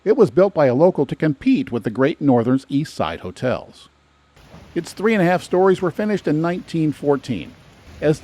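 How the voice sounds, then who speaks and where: A man's voice: fairly high pitch, warm tone, husky. A man hosting a travel guide, giving scripted narration with dry, sarcastic asides.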